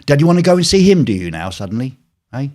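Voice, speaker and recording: A man hosting a live stream from his home flat, chatting casually with viewers in a jokey, rambling way full of fillers. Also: mid-range voice, fast. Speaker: live show host.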